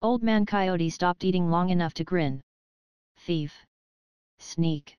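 A woman narrating a children's animal storybook audiobook in an even, measured reading. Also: on the low side, clear, resonant tone, dry recording, highs cut off.

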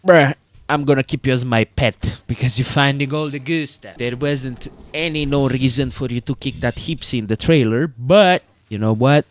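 A man's voice: medium pitch, moderate pace, no room sound. A man giving casual, rambling commentary over his gameplay, joking and talking to his viewers. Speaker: gaming YouTuber.

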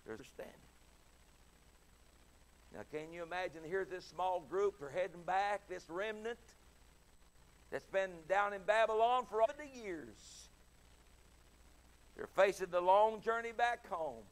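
Impassioned high-voiced man preaching. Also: unhurried, long pauses. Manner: impassioned preaching, swings from soft to loud, acts out pleading voices. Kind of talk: evening sermon.

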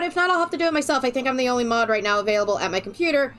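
A woman's voice: high-pitched, lively intonation, rapid-fire, few pauses, bright, forceful tone, faint music behind. A woman streaming a video game live, chatting casually with her viewers in a playful, theatrical way. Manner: playful, theatrical spooky greetings.

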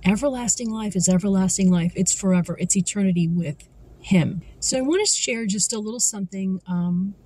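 A Christian vlogger gives an earnest devotional talk, reading scripture slowly and with care. Her medium-pitched voice is mellow with a breathy edge, and the recording quality is low.

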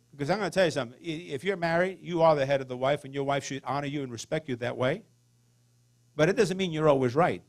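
A middle-aged man preaching a folksy sermon as a pastor, throwing in call-and-response asides to the congregation. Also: fairly high pitch.

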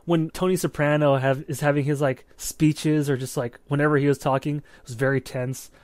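A man with a fairly high, brisk voice co-hosts a movie podcast, recorded with no room sound. He chats casually about films, animated and full of swearing, and keeps checking in with "right?"

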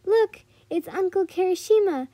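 A woman's voice: high-pitched, measured pace, dark tone, no room sound. A woman voicing a sassy, pouty little girl who talks in a bratty, bouncy way. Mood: excited.

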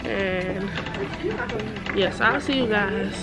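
Loud music runs under her extremely slow, creaky, mid-range voice. She's a woman in her twenties doing a casual vlog on a self-held or self-set camera, rambling with fillers and viewer asides in a store before heading to her bedroom.

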